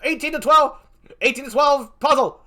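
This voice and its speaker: A man hosting a live stream game show, theatrical and excitable, calling out vote counts like an auctioneer. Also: extremely high pitch, normal speed. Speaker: stream host.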